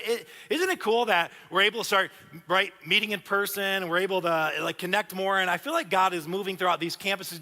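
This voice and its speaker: A man in his thirties preaching a sermon in a church, talking in an animated, conversational way with frequent restarts. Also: on the high side. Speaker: pastor. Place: church auditorium. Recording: long hall reverb.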